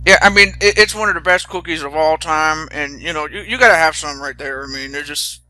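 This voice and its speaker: A man's voice: fairly high pitch, fairly quick, bright, forceful tone, a little hiss or hum. A young man hosting a casual chat, rambling with stammering restarts and fillers. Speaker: host.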